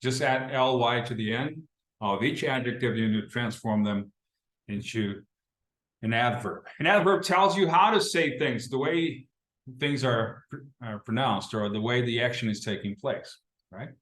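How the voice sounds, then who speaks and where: A man's voice: mid-range voice, a little slow, fairly bright tone. A man from Brazil teaching an English class, explaining patiently and often checking in with the listener. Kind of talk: recorded class lesson. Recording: roomy echo.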